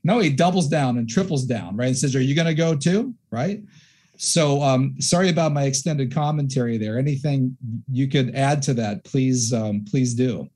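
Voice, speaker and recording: A man hosting a casual discussion who reads scripture aloud and breaks into animated, self-correcting commentary. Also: mid-range voice, normal speed. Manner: animated, acts out quotes with mock voices. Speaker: podcast host.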